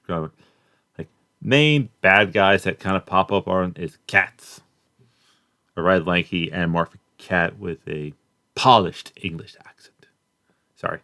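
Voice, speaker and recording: A young man with a low, deep voice talks through a cartoon in a loose, rambling way. He halts, restarts and leans on fillers as he goes. The sound is dry and close. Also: fairly bright tone, no room sound. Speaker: cartoon reviewer. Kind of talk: casual spoken review.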